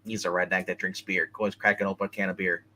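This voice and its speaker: Bright-voiced stammering male host. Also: low-pitched, level tone, fast talker. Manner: stammering, restarts often, laughs a lot. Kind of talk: casual live-stream chat.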